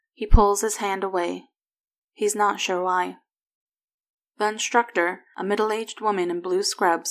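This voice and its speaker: A woman narrating a fan fiction story aloud, softly and evenly. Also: medium pitch.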